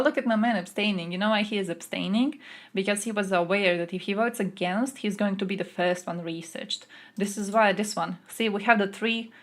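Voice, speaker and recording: Blunt, profane young woman streamer. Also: mid-range voice. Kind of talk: casual ranting commentary.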